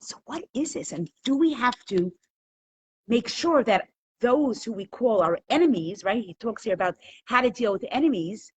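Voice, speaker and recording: A middle-aged woman teaching a live online Torah class, telling stories with animated laughter. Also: fairly high pitch, normal speed, slight background noise.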